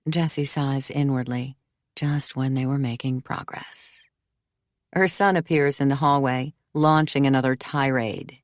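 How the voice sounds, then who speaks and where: A woman with a low voice reads an audiobook script, keeping her storytelling measured and even. Clean studio sound, with no room sound at all.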